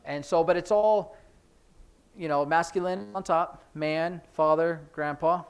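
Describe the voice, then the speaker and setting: A man's voice: a little high, fairly even intonation, unhurried, clear, resonant tone. A man teaching a casual sign language class in a church, explaining signs in a chatty, informal way with many fillers.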